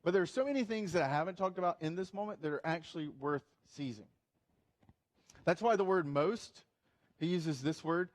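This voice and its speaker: Casting: man, 30s, high-pitched pastor, lively and funny conversational sermon. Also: moderate pace. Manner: animated, humorous, with playful asides.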